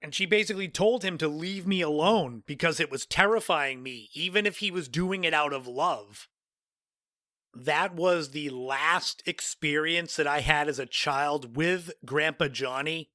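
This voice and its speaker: Speaking unhurriedly, a man in his forties who hosts a podcast relates a personal story in conversational style, sprinkled with casual asides; he hails from Cape Cod, Massachusetts, USA. His slightly high voice sounds pushed and bright, and the recording is clean studio audio without room sound.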